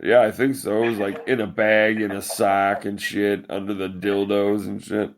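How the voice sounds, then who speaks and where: Low-voiced man telling a crude story. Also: completely flat delivery, moderate pace. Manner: profane, rambling, laughs often. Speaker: podcast host. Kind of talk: casual storytelling chat.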